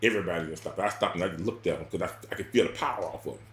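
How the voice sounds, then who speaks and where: A man telling a personal story in casual spoken style, rambling and repeating words, with sudden loud bursts and quiet drops. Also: deep voice, rapid-fire, reverberant, slight background noise.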